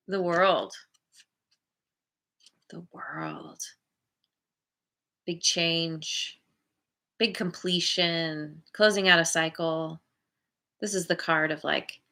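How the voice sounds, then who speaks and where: Woman tarot reader, casual to-camera reading; unhurried, bright-toned, rambling and self-amused. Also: medium pitch. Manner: chatty and meandering, laughs at herself.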